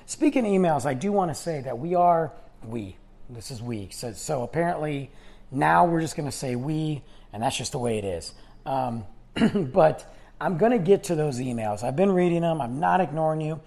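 A man's voice: a little high, expressive, normal speed, gravelly, darkish tone. A man hosting his own podcast, talking in a rambling, chatty way and restarting his sentences while losing his voice. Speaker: podcast host. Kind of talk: casual solo podcast monologue.

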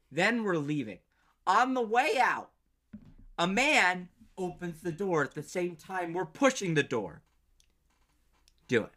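Bright-voiced man arguing playfully. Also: on the high side. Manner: animated, argumentative storytelling with frequent laughs. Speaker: podcast co-host. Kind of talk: casual comedic banter.

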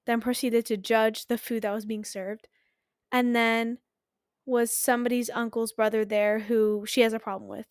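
A woman in her twenties hosts a casual solo podcast. She is candid and pokes fun at herself, laughing often. Her voice sits fairly high and sounds dry and close. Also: level tone, moderate pace, clear, resonant tone, no echo. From Philadelphia. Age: 20s. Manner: chatty, candid and self-mocking, laughs often. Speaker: podcast host.

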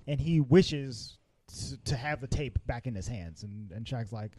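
A man's voice: mid-range voice, unhurried, warm tone, no echo. A man co-hosting a casual movie podcast, recapping the plot with frequent laughs and fillers. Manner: rambling recap, laughs often, many fillers. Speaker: podcast co-host.

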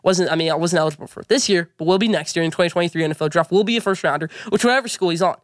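A man's voice: a little high, very fast, dry recording, studio quality. A man hosting a sports opinion vlog, delivering emphatic, opinionated takes and repeating his points. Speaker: sports show host.

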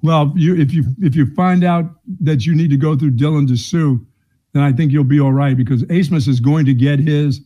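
A man's voice: fairly high pitch, normal speed, mellow. A man co-hosting a sports talk radio show, wry and teasing, playing mock-offended.

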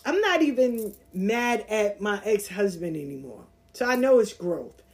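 A woman hosting a podcast, telling a personal story in a casual, animated way and acting out the voices of the people in it. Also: medium pitch, a little slow. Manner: animated, acts out voices in her anecdotes. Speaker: podcast host.

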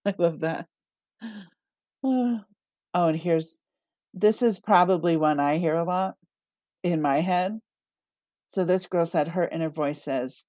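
A woman hosting a casual solo podcast about self-talk, chatty and quick to laugh as she reads out listener comments. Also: lowish voice, darkish tone, dry recording. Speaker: podcast host and manifesting coach.

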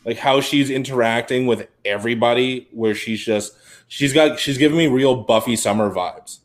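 A man's voice: mid-range voice, moderate pace. Rambling man chatting on a podcast. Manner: rambling, heavy use of "like". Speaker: podcast co-host. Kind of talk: casual podcast chat.

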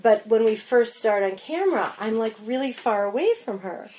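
A woman's voice: fairly high pitch, normal speed. Chatty woman telling stories. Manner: animated storyteller, lots of "like" and "you know", acts out quotes. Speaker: guest, pastry chef. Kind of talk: casual podcast chat.

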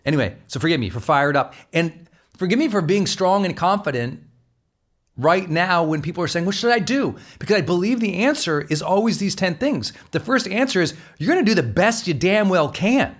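A man hosting a motivational podcast, energetic and emphatic, moving between loud exhortation and quieter asides. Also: high-pitched, normal speed. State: fired up. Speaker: podcast host. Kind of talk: motivational monologue.

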